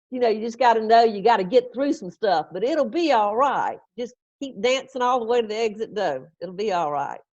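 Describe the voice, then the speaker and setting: A woman's voice: on the high side, animated, fairly quick, few pauses, a little mellow, no echo. A middle-aged woman minister, chatting through congregation questions in a folksy, conversational way and chuckling often. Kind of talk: casual question-and-answer with congregation. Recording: dull, dry, lo-fi stream audio.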